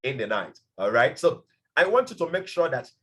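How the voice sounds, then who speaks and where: A man's voice: mid-range voice, very animated, normal speed, pushed and bright. A man giving a passionate motivational training talk as a business mentor, emphatic and repeating his points.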